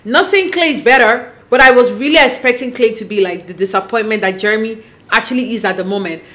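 A woman talks through a reality show recap in a relaxed, chatty way. Her voice sits a little high, and she gets expressive and sassy, jumping up in pitch when something surprises her. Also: quick pace. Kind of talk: casual recap commentary.

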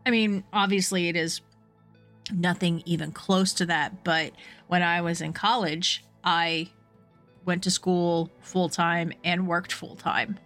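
A young adult woman co-hosting a true crime podcast, telling the story in a relaxed, chatty way with fillers. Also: lowish voice, slow pace, soft background music. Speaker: podcast co-host.

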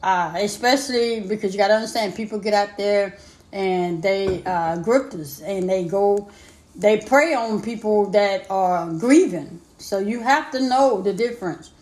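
Supportive light-hearted woman, mid-pitched, casual chat, echoey room. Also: measured pace, a little mellow. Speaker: co-host.

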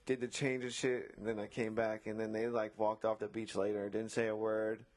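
A man's voice: lowish voice, level tone, moderate pace, a little mellow. A man who works as a beach umbrella attendant, casually retelling a run-in with a customer, acting out both sides and swearing often. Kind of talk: casual storytelling chat.

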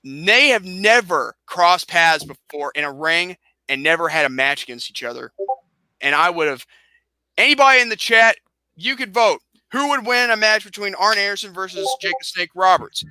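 A man joking around on a podcast, his voice very bright and a bit high. He often stumbles and repeats words. The recording is dry and close. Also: animated, moderate pace, no echo. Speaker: podcast co-host. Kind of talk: casual wrestling podcast chat.

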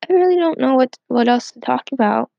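A woman's voice: sits high, expressive, a little fast, creaky, warm tone, no room sound, dull audio. A teenage girl hosting a casual solo podcast from home, rambling and filling every gap with "like". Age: teens. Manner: rambling, heavy use of "like". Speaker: podcast host.

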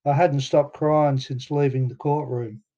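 A man's voice: mid-range voice, fairly even intonation, unhurried, warm tone, muffled recording. A man with an Australian accent narrating his own story in a plainspoken, casual way with some swearing. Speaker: memoir narrator. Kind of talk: audiobook narration.

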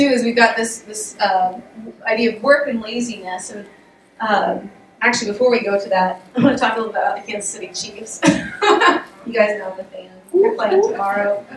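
Animated woman preaching in an echoey room. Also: on the high side, quick pace, a little hiss or hum. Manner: conversational and animated, with laughs and frequent restarts. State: losing her voice. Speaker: speaker giving a devotional talk. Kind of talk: casual sermon. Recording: echoey room, voice picked up from a distance.

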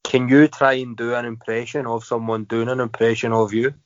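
A man's voice: mid-range voice, little pitch movement, brisk, dry recording. Teasing Scottish man, dull dry sound. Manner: teasing, jokey, laughs often. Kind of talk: casual podcast chat.

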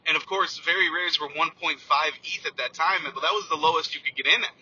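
A man's voice: fairly high pitch, fast talker, bright, forceful tone, slightly rough, lo-fi sound. A man telling a personal story in an earnest, heartfelt way, often restarting his sentences. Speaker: computer teacher sharing a personal story.

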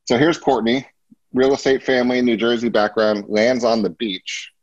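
A man's voice: mid-range voice, steady tone, moderate pace, no room sound, highs cut off. A man hosting a business talk in a coaching manner, often checking in with rhetorical questions. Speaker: host.

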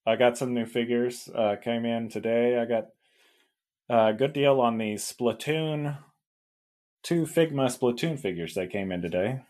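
A man co-hosting a casual podcast, telling relaxed stories and chuckling as he talks. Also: mid-range voice, measured pace. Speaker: podcast co-host. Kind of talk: casual chat.

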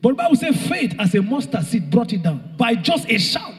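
A young man preaching a rousing sermon, shouting and half-singing phrases and calling out to the congregation. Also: extremely high pitch, very animated, fairly quick. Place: church hall. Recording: long hall reverb.

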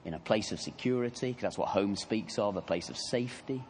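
A man preaching a sermon, telling the story in an animated, conversational way with asides to the congregation. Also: fairly low pitch, brisk, big-room sound, slight background noise.

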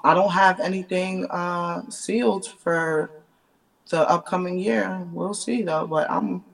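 A woman from Jamaica with a Jamaican accent, a battle rapper relaxed and laughing as a podcast guest. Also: lowish voice, slow pace, creaky, recorded from a distance. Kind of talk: casual interview chat.

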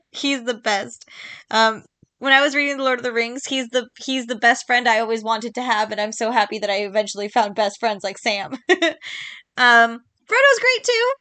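A woman hosts a casual solo book podcast with a bright, forward tone and a slightly higher voice. She talks chattily and with emphasis, repeats herself for stress and fills pauses with ums. The sound is close and dry. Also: fairly even intonation, no room sound. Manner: quick laughs between points. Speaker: podcast host.

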